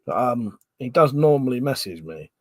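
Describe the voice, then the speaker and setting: A man born in Scotland, with a Manchester English accent, hosts a casual livestream and reads out chat messages, rambling, swearing and laughing as he goes. His voice is medium in pitch and very animated at a normal speed, recorded dry.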